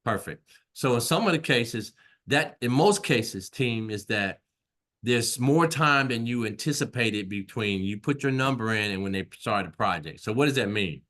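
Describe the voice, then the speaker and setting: A man's voice: medium pitch, expressive, normal speed, a bit bright. A man teaching an online class in a conversational way, repeating himself and often checking in with "right?". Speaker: instructor.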